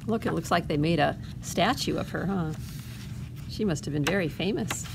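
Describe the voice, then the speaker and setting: A woman librarian with a fairly low voice and some vocal fry reads a picture book aloud at family storytime, pausing often for gentle remarks to the kids. Faint hiss runs underneath.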